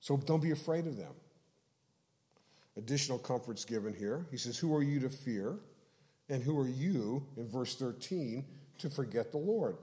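Man, pastor, expository sermon, measured explanatory delivery, mid-pitched voice. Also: expressive, warm tone. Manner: measured, explanatory, slows to stress key phrases.

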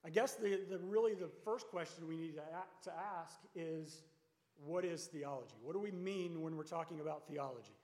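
A moderately paced, high-voiced pastor with a darkish tone preaches a sermon in a reverberant church sanctuary. His delivery is conversational, sprinkled with rhetorical questions.

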